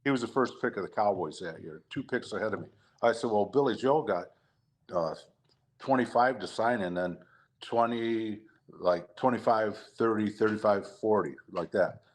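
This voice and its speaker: An older man from Detroit, a retired football player, telling lively stories in casual chat, acting out quotes and laughing often. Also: lowish voice, moderate pace. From Detroit, USA. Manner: animated storyteller, acts out quotes, laughs often.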